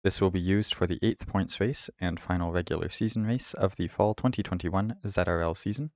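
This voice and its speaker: A man hosting a route guide, giving a steady, methodical voice-over about a race course. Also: low-pitched, fairly quick, dry recording. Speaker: host of a cycling route guide. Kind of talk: scripted voice-over over game footage.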